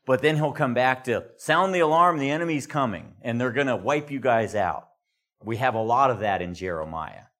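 An older man gives an earnest classroom Bible lecture in a medium-pitched voice at normal speed. He grows animated when reading quotes aloud.

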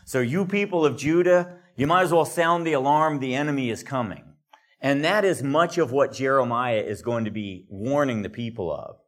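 An older man teaching a classroom Bible lecture in an earnest manner, growing animated when he reads quotes aloud. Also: medium pitch, normal speed.

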